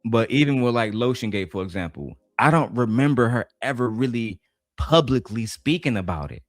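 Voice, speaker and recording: A man's voice: mid-range voice, expressive, normal speed, no echo, studio quality. A man hosting a casual commentary, talking bluntly and swearing often. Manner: blunt, swears often, talks over clips. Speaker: commentary host.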